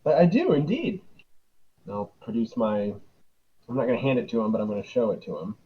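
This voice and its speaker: Man, tabletop player, in character, animated pitch, dull lo-fi recording. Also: brisk, slight background noise.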